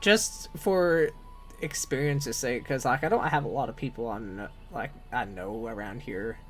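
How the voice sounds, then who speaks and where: A man's voice: medium pitch, normal speed. A man from Tennessee with a Southern accent, chatting loosely and swearing casually on a live game stream. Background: game music.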